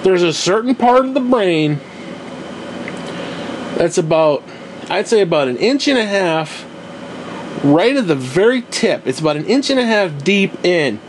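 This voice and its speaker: A young man hosts his podcast alone, his voice sitting fairly high for a man. He rambles through a profane, exasperated rant in a loose, casual way. A faint hum runs underneath the recording. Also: big pitch swings, measured pace, pauses often. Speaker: podcast host. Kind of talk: casual ranting monologue.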